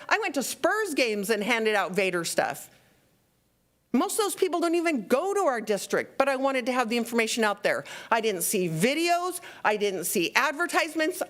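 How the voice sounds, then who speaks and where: Impassioned woman scolding a school board. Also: a little high. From outside Texas. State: shaking with anger. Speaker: public commenter. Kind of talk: public comment at a school board meeting.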